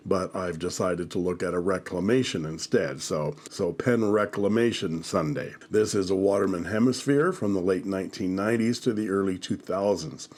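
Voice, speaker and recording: A man with a congested, nasal voice hosting a calm, detailed pen review. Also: sits low, moderate pace, few pauses. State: nasal from illness. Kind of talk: scripted product review narration.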